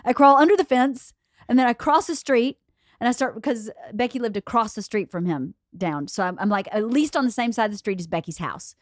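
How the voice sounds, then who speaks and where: A woman hosting a podcast, telling a story in a lively, laughing way. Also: a little high, fairly quick, dry recording, clean studio sound. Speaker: podcast host. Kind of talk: casual storytelling chat.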